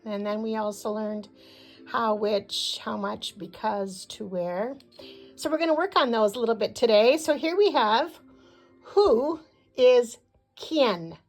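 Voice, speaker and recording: Slow, deliberate woman teacher. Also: on the high side, a little mellow. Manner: clear, deliberate pronunciation of words. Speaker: Spanish teacher. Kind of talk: slow classroom lesson.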